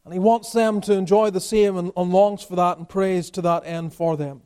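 A man with a high-pitched speaking voice preaches in church. He delivers an expository sermon, building emphasis and then dropping to quieter stretches. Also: steady tone, moderate pace, smooth. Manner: emphatic preaching with rising and falling intensity. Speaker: pastor.

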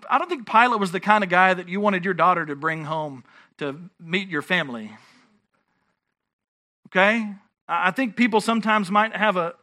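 A man's voice: high voice, pushed and bright. A man preaching a sermon as pastor, earnest and emphatic, often restarting his phrases.

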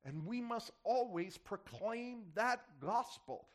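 A man's voice: very high-pitched, expressive, slow pace. A man preaching a sermon to his church, impassioned, his voice swelling and dropping as he drives his points home. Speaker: pastor.

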